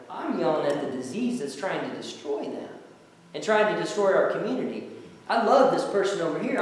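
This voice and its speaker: A man, a former jail minister, telling animated stories to an audience and acting out the people he quotes. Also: sits high. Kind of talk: storytelling talk to an audience. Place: church hall. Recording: echoey hall, from far off.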